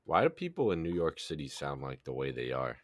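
A man's voice: extremely low pitch, wildly swooping pitch, brisk, no echo. A man co-hosting a casual podcast, blunt and profane with a joking edge. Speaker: podcast co-host. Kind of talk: casual chat.

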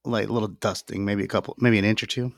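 A man's voice: fairly low pitch, fairly even intonation, quick pace, gravelly, no echo, studio quality. Crude joking man on a headset. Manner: crude, joking, swears freely. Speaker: podcast co-host. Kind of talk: casual chat.

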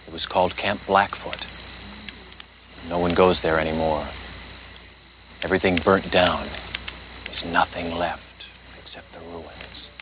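A man doing a deep hushed campfire storyteller. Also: fairly even intonation, unhurried, long pauses, heavy background noise. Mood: ominous. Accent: put-on accent. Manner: low hushed storytelling, slipping into whispers. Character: gruff male campfire storyteller telling a camp legend. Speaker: podcast co-host.

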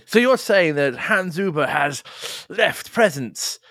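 A man's voice: fairly high pitch, expressive, takes it slowly, pushed and bright, no room sound. A man playing in a tabletop game, reassuring and playful. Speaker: player.

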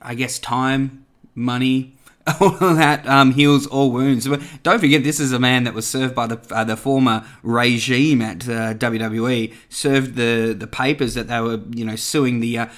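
Man, podcast host, casual solo chat, rambling, filler-heavy, mid-pitched voice. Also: fairly even intonation, measured pace, a bit bright. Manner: rambling, chatty, full of fillers and asides.

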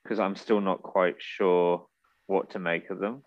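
A man's voice: deep voice, fairly even intonation, measured pace, no room sound, lo-fi sound. A man playing in a tabletop role-play podcast who thoughtfully explains what his character does. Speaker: player.

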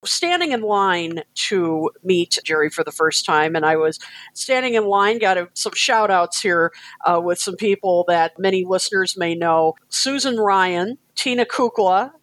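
Woman co-host telling an animated story. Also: on the low side, unhurried, dry recording, low-quality recording. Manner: animated, laughing, with lots of fillers. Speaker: podcast co-host. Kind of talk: casual storytelling.

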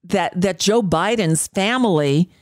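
A woman's voice: fairly low pitch, measured pace, no room sound, clean studio sound. A woman hosting a radio talk show, giving a blunt, profane, sarcastic political monologue with frequent fillers and restarts.

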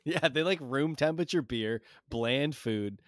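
A man's voice: mid-range voice, unhurried, dry recording, clean studio sound. Laughing, foul-mouthed male podcast host. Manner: laughs often, blunt and profane. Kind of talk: casual podcast chat.

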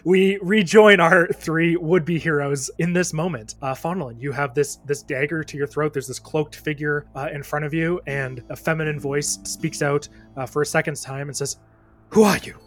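A man running a tabletop role-playing game as dungeon master, describing scenes in a relaxed way with many fillers. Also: on the high side, moderate pace, hardly any pauses.

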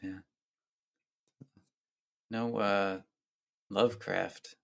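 A man co-hosting a casual podcast, enunciating clearly and carefully. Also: fairly low pitch, little pitch movement, very slow. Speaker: podcast co-host.

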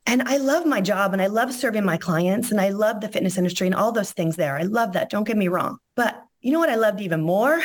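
Hoarse woman telling her story. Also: mid-range voice, lively intonation, a little fast, hardly any pauses. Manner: emotional, heartfelt, close to tears. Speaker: podcast guest. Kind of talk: casual interview storytelling.

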